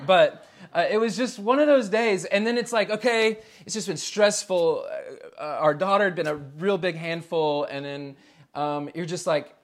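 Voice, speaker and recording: A man in his thirties from the United States, a pastor preaching a relaxed, conversational sermon in a storytelling way, chuckling often between phrases. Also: a little high.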